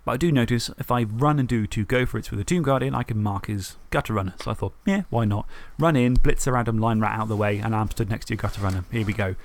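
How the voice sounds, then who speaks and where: A man on a podcast, telling the story of a tabletop game match in a lively way, swearing and acting out his own thoughts. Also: fairly low pitch, quick pace, few pauses. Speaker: podcast co-host. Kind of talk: casual tabletop game recap.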